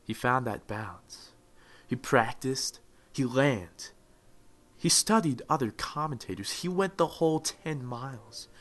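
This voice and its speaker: A young man giving mock-dramatic motivational narration for a gaming video, swelling into loud, fervent peaks. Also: medium pitch, lively intonation, unhurried. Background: faint music.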